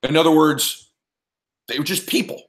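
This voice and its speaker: A man with a somewhat high voice answers an interviewer in an emphatic, motivational way. He speaks in punchy bursts and keeps checking that his listeners follow him. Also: moderate pace. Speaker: interview guest, performance coach.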